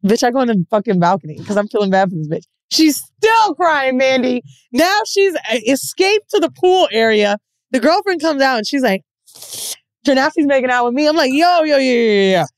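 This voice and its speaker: A woman co-hosting a podcast, telling a story in a casual, profane and animated way and laughing often. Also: sits high, normal speed, no echo, studio quality. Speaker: podcast co-host.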